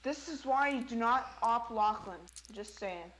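A woman's voice: a little high, measured pace, low-quality recording. A young woman playing a game alongside the host, teasing him in casual chat. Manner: teasing, playful. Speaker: co-player.

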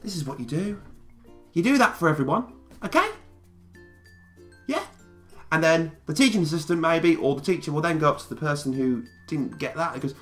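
A man's voice: on the high side, animated, normal speed, pauses often, a bit bright, faint music behind. A man talking straight to camera in a casual vlog, emphatic and repeating phrases to drive his point home. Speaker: YouTuber.

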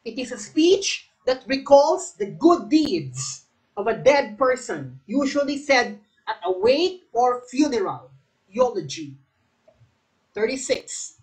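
A woman's voice: high-pitched, big pitch swings, slow pace, rough recording. A Filipino woman coaching a live exam review, quizzing viewers, repeating each question and calling on them by name, sometimes switching into Tagalog. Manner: switches between English and Tagalog.

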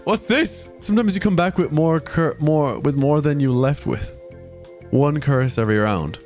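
A young man hosting a gaming video, bantering excitedly and laughing constantly as he plays with a friend. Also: fairly high pitch, normal speed. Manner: excitable, laughs constantly, says "mate" a lot. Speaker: gaming channel host. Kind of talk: casual gameplay banter. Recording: background game music. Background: music.

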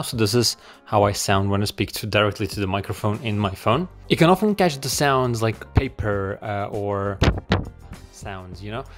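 A man whose first language is Russian, talking through a walkthrough in a casual, playful, self-mocking way. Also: lowish voice. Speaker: vlogger. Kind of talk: casual screen-recording walkthrough.

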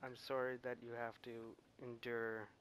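Slow-talking young man commenting on a game. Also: medium pitch, completely flat delivery, fairly bright tone, a little hiss or hum. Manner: rambling, self-deprecating. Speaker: gamer.

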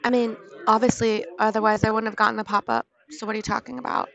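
Brief: young woman streamer, slightly high, gravelly fry, giggly, acts entitled. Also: level tone, fast talker, a bit bright, muffled recording. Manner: playful, giggly, acts impatient and entitled with callers. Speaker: streamer pranking scam callers. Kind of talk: live-stream prank call.

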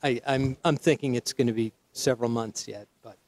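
A man's voice: mid-range voice, steady tone, brisk, darkish tone, poor audio. A man from Connecticut, a guest on an appraisal show, telling a family story hesitantly with many ums and restarts. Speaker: guest with collectibles. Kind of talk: casual storytelling.

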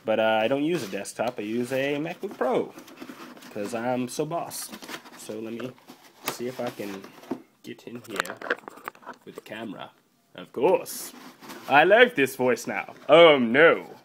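A young man ambles through a goofy unboxing at a slow, unhurried pace, his voice sitting at an ordinary middle pitch. He jokes, curses and leans on ums while handling the box. A faint background noise hangs under the camera mic. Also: animated, darkish tone. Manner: playful, swears, mock-panics, trails off with fillers. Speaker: vlogger unboxing a drawing tablet. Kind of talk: joking casual unboxing vlog.

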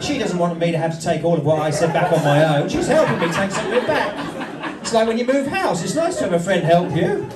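A man works the crowd on stage, needling people in a mock-formal, playful way. His voice jumps around a lot and sits a little high. He's caught from a distance in an echoey room full of loud laughter. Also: sing-song, brisk, loud music behind the voice. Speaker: stand-up comedian. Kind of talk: crowd work. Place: comedy venue with live audience.

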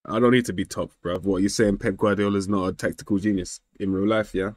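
A young man streaming a football manager game, excitable and slangy, yelling at the match and trash-talking his friend. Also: low-pitched, quick pace, dry recording. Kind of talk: casual gaming banter.

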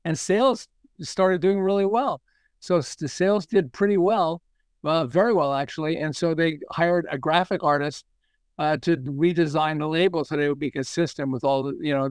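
A man's voice: fairly high pitch, steady tone, normal speed, clear, resonant tone, no echo. A man, a marketing consultant, telling anecdotes in a casual interview and chuckling often.

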